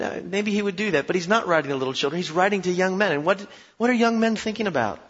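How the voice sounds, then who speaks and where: A man's voice: high voice, fast, fairly bright tone, big-room sound, highs cut off. A male pastor preaching a conversational, humorous sermon in a church, asking his listeners questions and often repeating words as he restarts.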